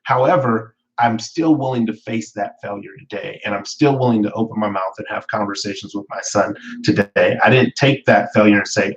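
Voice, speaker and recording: A man's voice: on the low side, a little fast, few pauses, muffled recording. A man hosting a weekly live motivational talk, telling a personal story in a candid, reflective way with fillers and self-corrections. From Northern California. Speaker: weekly talk show host.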